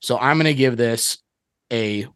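Mid-pitched man, hesitant co-host. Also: unhurried, fairly bright tone, clean tone, dry recording, clean studio sound. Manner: hesitant, restarts phrases, mild. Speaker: podcast co-host. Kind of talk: casual chat.

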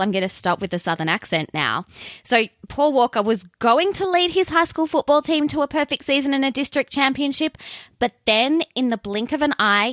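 A woman's voice: medium pitch, sharp tone, dry recording, clean studio sound. Chatty sweary Australian woman. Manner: chatty, sweary, sarcastic asides. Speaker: podcast host. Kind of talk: casual ranting podcast monologue.

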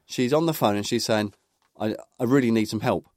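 A man's voice: mid-range voice, brisk, a little mellow, no room sound, clean studio sound. A middle-aged man, a podcast co-host, telling rambling football anecdotes in casual chat, full of fillers and restarts.

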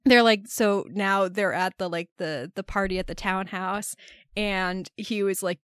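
A woman co-hosting a podcast, retelling movie scenes in a casual, animated way and laughing often. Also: medium pitch, measured pace, clean tone, dry recording, studio quality. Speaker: podcast co-host. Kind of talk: casual film discussion.

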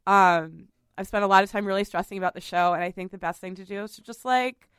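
A woman's voice: mid-range voice, quick pace, fairly bright tone, smooth, no echo, clean studio sound. A woman hosting a podcast in casual chat, talking chattily, often laughing and apologizing. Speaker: podcast host.

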